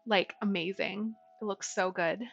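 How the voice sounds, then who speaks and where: A woman's voice: fairly even intonation, unhurried, gravelly, highs cut off, soft background music. A young woman chatting casually through a cooking livestream, talking to her viewers. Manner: chatty, talks to her dog in a high baby voice. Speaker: streamer.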